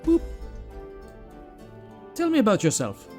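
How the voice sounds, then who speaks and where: A man's voice: high-pitched, wildly swooping pitch, slow pace, a little mellow, soft background music. A man playing through a video game with playful commentary, giggling and putting on mock accents. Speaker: let's play gamer. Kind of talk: let's play commentary.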